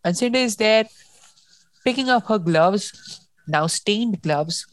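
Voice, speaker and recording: A woman's voice: medium pitch, expressive, takes it slowly, dry recording. A woman co-hosting a casual book discussion, talking emotionally and often restarting as she reacts to the story. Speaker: podcast co-host.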